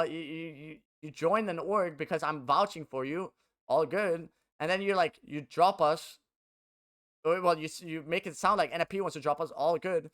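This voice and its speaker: A man's voice: a little high, a bit bright. A young man who plays esports and streams, ranting casually to his viewers, agitated and profane, with many stumbles and restarts.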